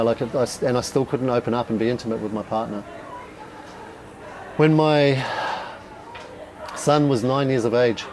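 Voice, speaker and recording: A middle-aged man with an Australian accent, giving a raw, candid personal talk at a dinner event, swearing often and pausing with fillers. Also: medium pitch, a little mellow, a little hiss or hum, rough recording.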